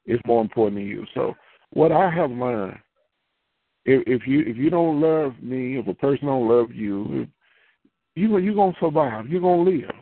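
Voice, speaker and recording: A man's voice: medium pitch, expressive, measured pace, no room sound. Preaching man on a tinny phone line. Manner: conversational, repeats phrases, rises into fervent prayer. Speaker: pastor. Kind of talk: preaching and prayer.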